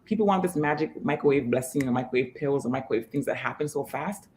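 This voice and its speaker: A woman's voice: a bass voice, darkish tone, a little hiss or hum. A woman fitness trainer speaking as an interview guest, emphatic and motivational, over a video call. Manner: emphatic, motivational, fast restarts.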